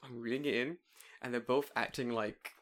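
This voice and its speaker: A man's voice: mid-range voice, normal speed. Laughing, swearing young man chatting. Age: 20s. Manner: animated, swearing, laughing storyteller. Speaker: podcast co-host. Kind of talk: casual chat.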